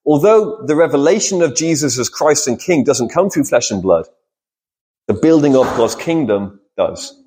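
Guy preaching in church, chatty, throws questions at the room then answers them, average pitch. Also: expressive, moderate pace, dark tone, slight background noise. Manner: conversational, asks the congregation questions and answers them. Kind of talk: sermon. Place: church hall with congregation.

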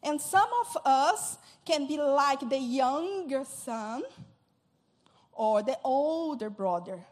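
A woman preacher delivers a sermon with a high voice. She talks slowly and earnestly, often stopping to repeat or restart a word before pressing on. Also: animated.

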